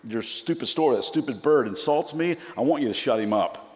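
A man's voice: medium pitch, lively intonation, a little fast, a little mellow, lightly acted. A man voicing an offended woman customer complaining indignantly to a store manager. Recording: long hall reverb.

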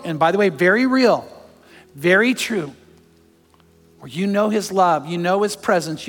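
A pastor preaching a sermon to a congregation, his voice going from loud storytelling down to soft, hushed appeals. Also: high voice. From California. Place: large church hall. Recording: long hall reverb.

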